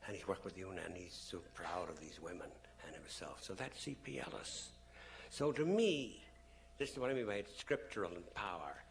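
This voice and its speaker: A man lecturing to an audience in a low, gravelly voice full of fry. He tells stories with animation, acting out the people he quotes. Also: expressive, normal speed, a little hiss or hum. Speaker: public speaker. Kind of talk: storytelling public lecture.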